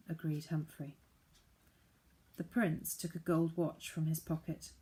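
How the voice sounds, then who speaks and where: Woman audiobook narrator; measured, deliberate storybook reading. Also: deep voice, steady tone, mellow.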